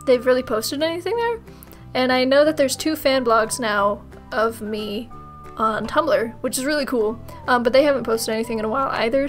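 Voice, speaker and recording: A woman chatting casually in a Q&A vlog, giggly, self-mocking and rambling as she answers viewer questions. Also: sits high.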